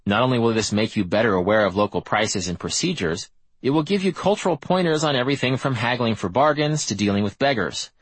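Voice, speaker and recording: A man narrating a nonfiction audiobook in a measured, wry first-person reading style. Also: mid-range voice, lively intonation, husky, no echo, poor audio.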